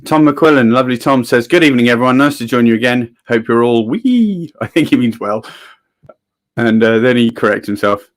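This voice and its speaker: A man's voice: mid-range voice, fairly even intonation, fairly quick. A man hosting a livestream in casual chat and reading viewers' comments aloud. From England. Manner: chatty, reads out viewer comments. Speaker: livestream host.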